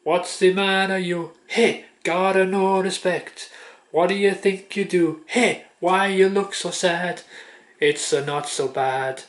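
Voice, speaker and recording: A man putting on an exaggerated mock Italian accent, singing slow, grumbling lines in a singsong way. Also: sits high, steady tone, roomy sound, pitched above the performer's own voice. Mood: mock-indignant.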